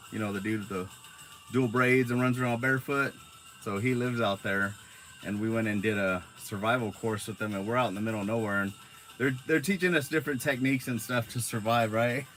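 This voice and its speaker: A man's voice: on the low side, a bit bright. A man from Arizona telling rambling stories on a casual live stream into his phone, laid-back and swearing freely.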